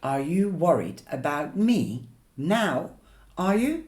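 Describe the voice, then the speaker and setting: A man's voice: medium pitch, unhurried, darkish tone, close to an everyday voice. Snappish teen girl, read by a man. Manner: snappish, sarcastic retorts. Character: sharp, defensive teenage girl. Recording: roomy echo.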